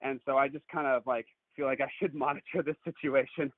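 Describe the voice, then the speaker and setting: A man calls in to tell a story, speaking casually and acting out what people said. His voice is mid-pitched and comes through a thin, tinny phone line. The sound is dry. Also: brisk, no echo. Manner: animated, acts out quotes. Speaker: caller.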